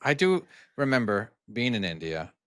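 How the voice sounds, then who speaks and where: A man's voice: lowish voice, big pitch swings, moderate pace, fairly bright tone, clear, resonant tone, dry recording, clean studio sound. A man co-hosting a podcast, joining in with teasing banter and jokes. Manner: teasing banter, joking interjections. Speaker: podcast co-host. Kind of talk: casual podcast chat.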